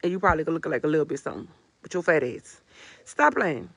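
A woman's voice: low voice, sing-song, quick pace, slightly rough, dry recording. A woman from New Orleans answering on a livestream with mocking, profane, repetitive taunts. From New Orleans, USA.

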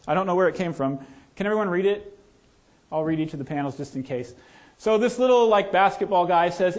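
A male pastor preaching a sermon in a church, talking casually and asking the congregation questions. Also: animated. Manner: conversational, asks the congregation questions; lowers to a soft, slow voice in prayer. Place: church sanctuary.

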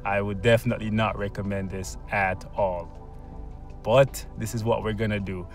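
A man hosting a gaming channel, talking through gameplay in a casual, excitable way, coaxing his luck with slang and bursting into cheers. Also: on the low side, moderate pace, soft background music. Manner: bursts into loud shouts and cheers when excited; coaxes the game with slang and pet names.

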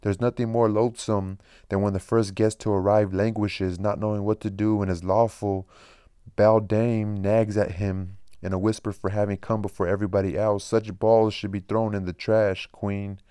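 A man voicing a sly, fawning male demonic master of ceremonies in an audiobook reading, with confiding, drawn-out asides. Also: lowish voice, flat delivery, warm tone, clear, resonant tone, no room sound, clean studio sound, natural voice. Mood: explaining.

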